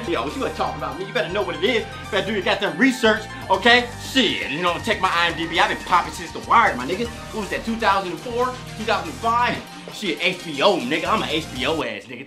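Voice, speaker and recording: A man in a comedy sketch, loud, brash and profane, sometimes dropping to low mutters. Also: expressive, fast talker, hardly any pauses, music in the background.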